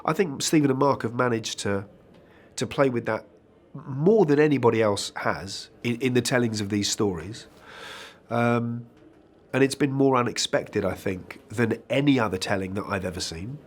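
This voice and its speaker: A man's voice: lowish voice, slight background noise. A man speaking as an actor being interviewed about his work. He talks in a candid, chatty way, often restarting phrases and adding asides. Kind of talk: conversational interview answers.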